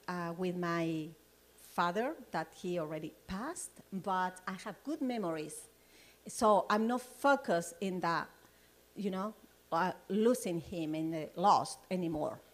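Slow-talking woman sharing her testimony. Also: lowish voice. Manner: laughs often, lively storytelling; loose, rambling phrasing. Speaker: Bible study leader.

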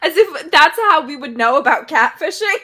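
Woman podcast co-host, high-pitched voice, chatty and amused, quick wry jokes. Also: expressive, pushed and bright. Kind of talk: casual chat recapping a TV episode.

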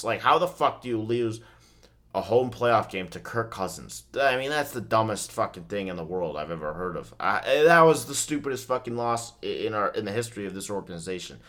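Man, low-pitched voice, casual sports talk, profane ranting, excitable then deflated. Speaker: host watching and commenting on a football game.

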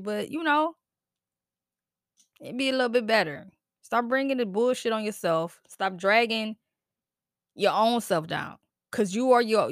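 A woman's voice: mid-range voice, vocal fry, no room sound, studio quality. A woman hosting a casual solo podcast, talking in a chatty, slangy way, laughing often and swearing freely. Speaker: podcast host.

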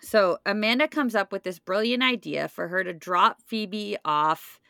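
A woman's voice: medium pitch, unhurried, vocal fry, pushed and bright, dry recording, clean studio sound. A woman co-hosting a podcast in casual chat, leading the episode recap and laughing often. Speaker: podcast co-host.

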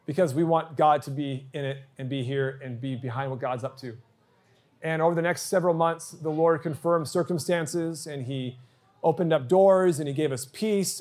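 A man's voice: on the high side, darkish tone. A middle-aged man pastor telling a personal story in a sermon, earnest and acting out the quoted dialogue.

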